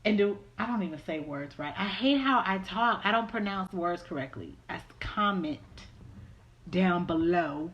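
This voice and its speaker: A woman's voice: lowish voice, expressive, normal speed, fairly bright tone, lo-fi sound. A woman chatting casually to her vlog audience in a rambling, easygoing way, partly from a parked car. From Southern California. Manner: chatty, rambling, exasperated asides. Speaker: vlogger.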